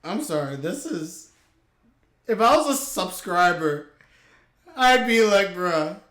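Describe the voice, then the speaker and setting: A man's voice: sits high, big pitch swings, takes it slowly, a bit bright. A young man doing live anime reaction commentary, reacting aloud in bursts with slang, laughter and teasing.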